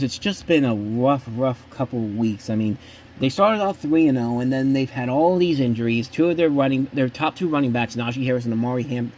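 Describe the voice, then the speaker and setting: A man at a middle pitch talks through his sports picks in a loose, unscripted way. He is blunt and opinionated and often restarts his sentences. Faint noise sits behind him. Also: a little mellow. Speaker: host. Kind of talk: casual sports prediction talk.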